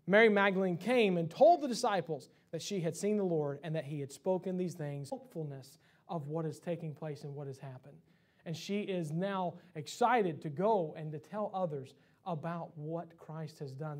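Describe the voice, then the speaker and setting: High-voiced impassioned male preacher. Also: normal speed. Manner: impassioned preaching with many restarts. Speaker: pastor. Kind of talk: sermon. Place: church sanctuary.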